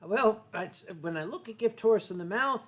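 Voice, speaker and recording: A man's voice: high voice, animated, moderate pace. Rambling, swearing host man. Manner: rambling, swearing, many fillers and restarts. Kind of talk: casual drunken chat.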